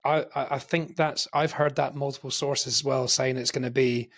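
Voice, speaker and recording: A man's voice: mid-range voice, steady tone, moderate pace. Male podcast co-host, mid-range voice, enthusiastic and chatty. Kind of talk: casual film chat.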